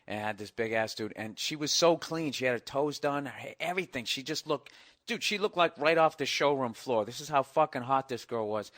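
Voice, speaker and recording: Forceful, profane male storyteller. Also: medium pitch, lively intonation, fairly quick, no room sound, clean studio sound. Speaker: podcast co-host. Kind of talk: casual chat.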